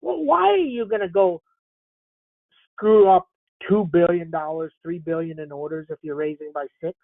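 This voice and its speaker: A man's voice: fairly high pitch, normal speed, vocal fry, dry recording. A man hosting a live stock market call, blunt and profane, pushing viewers to type in answers. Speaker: stock trading host. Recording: tinny phone-like dry sound.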